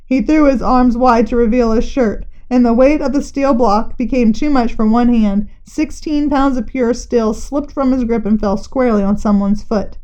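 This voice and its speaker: A woman reading a children's novel aloud in a lively storybook manner, briefly putting on character voices. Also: on the high side, normal speed, hardly any pauses, muffled recording.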